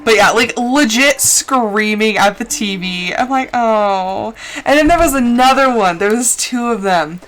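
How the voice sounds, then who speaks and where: A woman streamer chats casually over her game, her pitch sitting a bit high and swinging widely as she tells a story. Quiet music plays underneath. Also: animated, a little slow. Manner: chatty storytelling, acts out her own shouting. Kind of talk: casual gaming chat.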